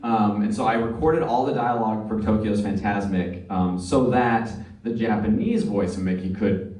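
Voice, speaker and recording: A man's voice: fairly low pitch, normal speed, a little mellow. A man, a voice actor, telling earnest, nostalgic anecdotes at a fan convention panel, with many fillers. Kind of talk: anecdotal storytelling at a live panel. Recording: echoey room from far off.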